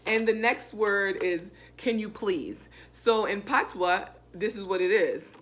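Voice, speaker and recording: A woman with a Jamaican accent giving a casual language lesson, repeating each phrase slowly with many fillers. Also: mid-range voice, a bit bright. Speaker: language teacher vlogger.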